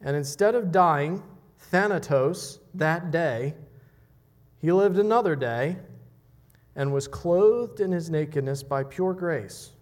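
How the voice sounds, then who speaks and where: A man impersonating a stern older male preacher, delivering a quote in a loud, indignant yell. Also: on the high side, slow pace. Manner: yelling, rising indignation.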